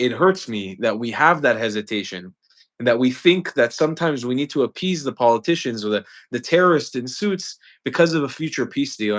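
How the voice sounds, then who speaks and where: A man hosting a live stream, speaking earnestly and with passion, often repeating words and restarting lines. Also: mid-range voice. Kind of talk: impassioned live-stream commentary.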